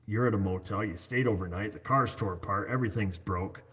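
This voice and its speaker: A man's voice: fairly low pitch, a little fast, fairly bright tone. A man who owns an auto repair shop, talking casually in a rambling, joking way and walking through hypothetical examples. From United States. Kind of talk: casual chat.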